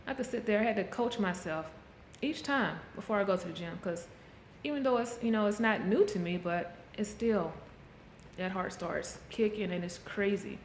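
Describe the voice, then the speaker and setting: A woman's voice: mid-range voice, normal speed, a little hiss or hum. A middle-aged woman talking candidly into a handheld camera, coaching viewers in a casual motivational vlog. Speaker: vlogger. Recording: echoey room, faint background ambience.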